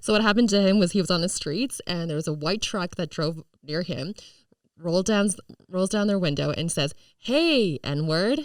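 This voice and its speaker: A woman in a casual podcast chat, retelling stories with laughter and a lively manner. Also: on the low side, fairly quick, no echo, recorded from a distance. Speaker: podcast co-host.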